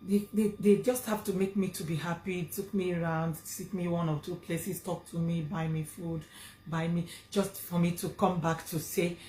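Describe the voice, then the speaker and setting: A woman's voice: fairly low pitch, steady tone, moderate pace, mellow, reverberant, slight background noise. A woman with a Nigerian accent telling a personal story to her vlog audience, earnest and emphatic, repeating phrases for stress. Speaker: vlogger.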